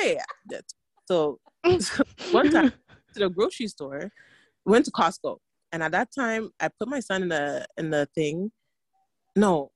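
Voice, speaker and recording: Expressive woman on a dry podcast mic. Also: on the low side, dry recording. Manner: expressive, laughing storyteller. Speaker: podcast co-host. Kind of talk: casual chat.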